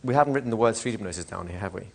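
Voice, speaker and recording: A man lecturing a live class as a hypnosis trainer, animated, asking the room questions and acting out little scenes. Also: on the low side, very fast, creaky.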